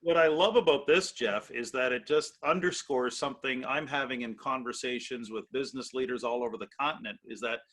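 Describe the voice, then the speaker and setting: A man hosting a business interview, speaking in a measured, emphatic way. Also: medium pitch, a bit bright. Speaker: host. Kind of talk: interview host commentary.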